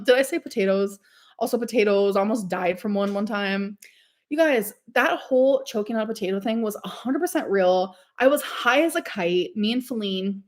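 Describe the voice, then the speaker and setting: A young woman chatting casually on a livestream, gushing over food and reading the chat. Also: mid-range voice. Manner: chatty and gushing, says "like" a lot. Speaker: streamer reading live chat.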